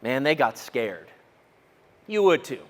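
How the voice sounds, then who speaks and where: A middle-aged man preaching a sermon as pastor, animated storytelling, acting out quotes and asking the room questions. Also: medium pitch, slow. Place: church auditorium. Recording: long reverb of a church hall.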